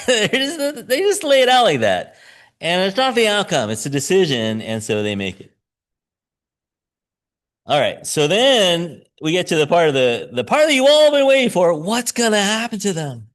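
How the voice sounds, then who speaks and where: A man in his fifties delivers a sermon as a personal story, laughing often and stopping to correct himself mid-sentence. His pitch swings widely from high to low, which keeps the telling lively. He sounds like he is talking to his congregation rather than reading to them. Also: moderate pace. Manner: conversational storytelling with frequent laughs and self-corrections. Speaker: pastor. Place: church sanctuary.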